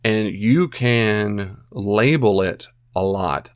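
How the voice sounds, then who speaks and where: A man's voice: on the low side, normal speed, no echo, clean studio sound. A man giving earnest, casual advice as a podcast host, repeating phrases and acting out his own self-talk. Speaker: podcast host answering a listener.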